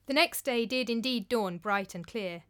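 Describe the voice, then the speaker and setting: A woman narrating a storybook tale in a calm, measured, clear way. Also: a little high.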